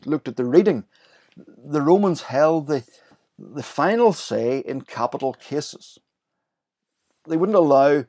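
In a mid-range voice, a preacher walks through a scripture passage with liveliness, speaking the quoted lines aloud as part of his sermon.

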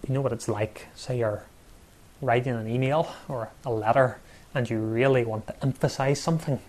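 A man preaching a sermon, measured and emphatic, with pauses and repeated words for stress. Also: medium pitch, fairly even intonation, a little mellow.

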